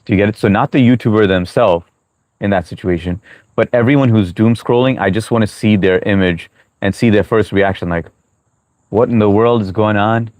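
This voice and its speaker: Low-voiced man rambling through a live chat. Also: brisk, a little mellow, no echo, rough recording. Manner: rambling, chatty, many fillers and restarts. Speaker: livestream host reading chat. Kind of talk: casual live-stream chat.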